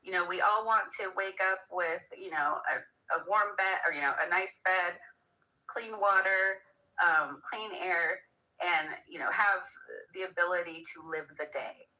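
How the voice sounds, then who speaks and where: A woman from Hawaii, slightly hoarse, talking casually as a guest and musing with many fillers. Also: lowish voice, measured pace, sharp tone, rough recording. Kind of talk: casual conversation.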